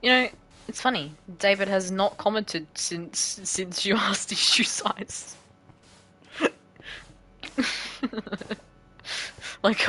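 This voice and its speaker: A woman's voice: medium pitch, very slow, long pauses, bright, forceful tone. An Australian woman chatting casually on a live stream while building a game map, giggly and full of "like" fillers.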